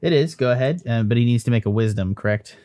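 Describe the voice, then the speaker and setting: A man's voice: medium pitch, fast talker, warm tone. A man running a tabletop game as dungeon master, casual and rambling, swearing now and then.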